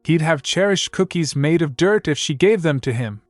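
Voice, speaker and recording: A man voicing a booming, scolding male spirit companion in a storybook recap, barking and growling his lines. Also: expressive, normal speed, no room sound, soft background music, natural voice.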